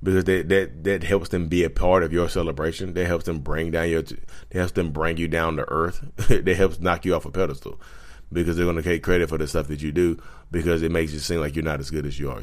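A man's voice: low voice, flat delivery, a little fast. A man rambling casually into a handheld microphone in a vlog, blunt, profane and repeating himself, calling his viewers y'all. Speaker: YouTuber talking about narcissism. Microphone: handheld USB microphone.

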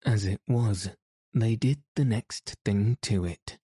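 A man reading a story aloud in measured, even scripted narration. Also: lowish voice, slightly rough, dry recording, clean studio sound. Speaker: audiobook narrator.

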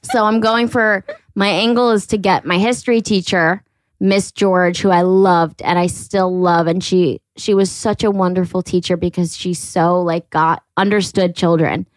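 A woman hosting a podcast, telling a story in casual chat, animated, laughing often and swearing freely. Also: lowish voice, moderate pace, no room sound. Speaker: podcast host.

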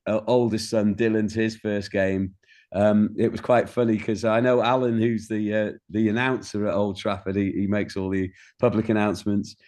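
A middle-aged man, a guest in an interview, telling stories in a warm way and often repeating words as he starts a sentence. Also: fairly low pitch, level tone, normal speed. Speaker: guest, singer-songwriter. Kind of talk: candid interview chat.

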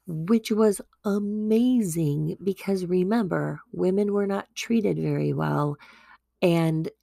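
A woman hosting a devotional podcast tells a Bible story earnestly and conversationally, often restarting. Her low-pitched, heavily gravelly voice is mellow and slow. The recording is close and dry, with no echo.

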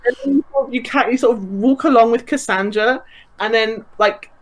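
A woman's voice: fairly high pitch, brisk. Laughing, enthusiastic woman chatting. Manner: enthusiastic, laughing, lots of fillers. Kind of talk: casual chat.

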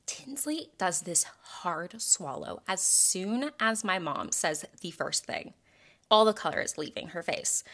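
A woman's voice: lowish voice, very animated, measured pace, fairly bright tone. A young woman from Texas hosting a podcast, chatting and telling stories dramatically, with jokes and swearing. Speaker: podcast host. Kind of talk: casual chat, storytelling.

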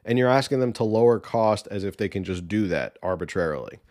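A man's voice: fairly low pitch, lively intonation, a little fast, darkish tone. A man hosting a political podcast, giving casual, opinionated commentary with sarcasm and exasperation.

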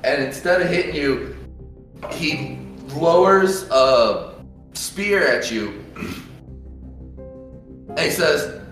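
A man running a tabletop game as dungeon master, narrating loosely and excitably with plenty of swearing. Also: a little high, extremely slow, long pauses. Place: shared room, recorded live. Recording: very echoey room with faint music.

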